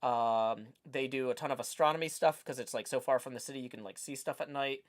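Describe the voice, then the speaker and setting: A man's voice: mid-range voice, brisk. Chatty Southern man streaming. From Tennessee. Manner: rambling, chatty, many fillers. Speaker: streamer host. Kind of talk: casual livestream chat.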